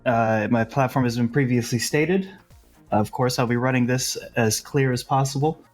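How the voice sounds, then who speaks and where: A man speaks as a debate candidate in a halting, mock-formal way, pausing often. Faint music runs underneath. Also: mid-range voice.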